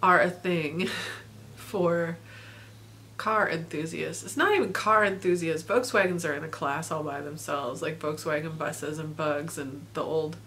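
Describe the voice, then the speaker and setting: A woman's voice: low-pitched, unhurried, a bit bright, a little hiss or hum. Tearful, grateful woman vlogger laughing through it. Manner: rambling with many fillers. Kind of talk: personal video diary.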